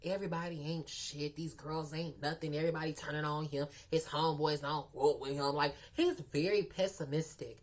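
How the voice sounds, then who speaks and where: A woman telling a story to her viewers in a sassy, animated, chatty way, often calling them girl and y'all. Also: sits low, fairly quick, hardly any pauses. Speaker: storytime vlogger. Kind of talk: casual storytelling to the camera.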